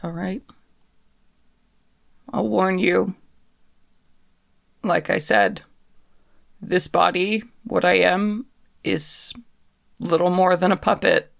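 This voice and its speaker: A performer voicing a wary, guarded undead woman who is bound like a puppet on a leash, speaking in slow, halting lines. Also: medium pitch, steady tone, creaky, a bit bright, no room sound, clean studio sound, full character voice.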